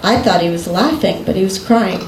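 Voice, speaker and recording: A woman telling a personal story in conversation, unhurried and often breaking into laughter. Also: mid-range voice, a little mellow, a little hiss or hum. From United States. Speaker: guest recounting a personal story. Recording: echoey room.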